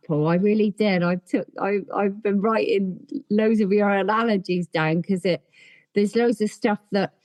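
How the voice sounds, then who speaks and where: A woman's voice: lowish voice, dark tone, no room sound. A woman hosting an online recovery meeting, chatty and effusive in her praise, on a video call. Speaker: meeting host.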